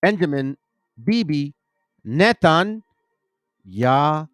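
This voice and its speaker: A man's voice: fairly high pitch, big pitch swings, slow pace, fairly bright tone, dry recording. A man hosting a casual bible teaching talk, reading verses aloud, rambling and stumbling over names as he corrects himself. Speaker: bible teaching channel host.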